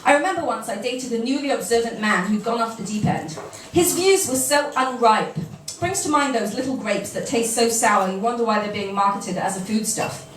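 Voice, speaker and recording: A British woman with a high voice reads a comic first-person piece with wry, self-mocking timing. The mic sits well back, so she sounds distant, and a roomy echo hangs on every line. Steady background noise from the venue runs under her voice. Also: normal speed. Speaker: reader at a live reading evening. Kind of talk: reading a humorous first-person piece to an audience. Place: café event room. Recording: echoey room, mic far off, background noise.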